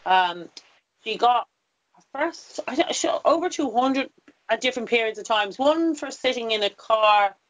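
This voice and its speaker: A woman's voice: on the high side, lively intonation, a little slow. A woman hosting a casual talk show, ranting in an indignant, exasperated way. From Ireland. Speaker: host. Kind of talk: casual chat.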